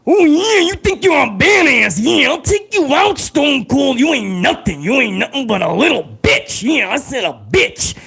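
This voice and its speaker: A man doing an impression of a boastful male pro wrestler, taunting and trash-talking, with drawn-out "oh yeah" interjections. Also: extremely high pitch, very animated, vocal fry, sharp tone, voice pushed up, exaggerated voice.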